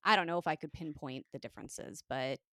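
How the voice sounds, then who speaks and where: A young American woman with a light Minnesotan accent, chatting casually as a podcast co-host with a nasal, vocal-fry tone and lots of asides. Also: sits low, fairly quick, sharp tone, no echo, clean studio sound. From United States. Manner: chatty, giggly, full of asides. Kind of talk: casual chat.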